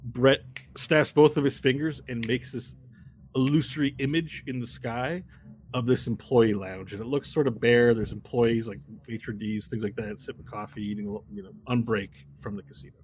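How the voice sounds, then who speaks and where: A man's voice: mid-range voice, fairly even intonation, moderate pace, a little mellow. A man running a tabletop game as game master, narrating in a casual, descriptive way. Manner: casual, descriptive, hesitant fillers.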